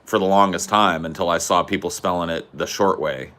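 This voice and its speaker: A man's voice: sits low, fairly even intonation, fairly quick, a bit bright. A man from the United States co-hosting a podcast, trading casual banter and ranting in a profane, teasing way. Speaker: podcast co-host.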